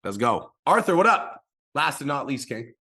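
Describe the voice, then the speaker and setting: A man's voice: medium pitch, big pitch swings, pushed and bright. A man coaching a group on a call, profane, emphatic and pumped up. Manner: fast, profane, hyped, emphatic.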